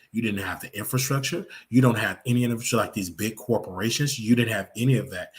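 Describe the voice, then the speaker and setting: Man, low voice, live reaction rant, emphatic, preachy. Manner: emphatic, preachy, repeats phrases. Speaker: host of a commentary show.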